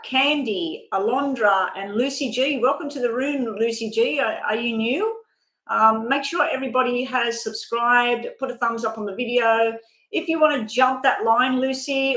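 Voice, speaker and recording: A woman's voice: on the high side, fairly bright tone, reverberant, low-quality recording. An older woman giving a chatty, rambling live-stream tarot reading, at times talking while she eats. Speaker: tarot reader.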